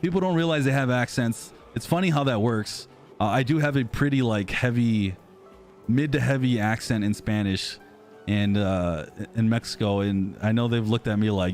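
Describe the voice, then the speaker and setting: A man from the United States in his thirties rambles through a casual live-stream chat, reading comments and putting himself down. His American-accented voice is mid-range and darkish, at a normal speed, with faint music behind.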